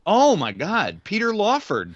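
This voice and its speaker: A man's voice: high-pitched, huge pitch swings, a little slow, dry recording, highs cut off. A man co-hosting a casual film podcast in an easygoing, agreeable way. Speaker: podcast co-host.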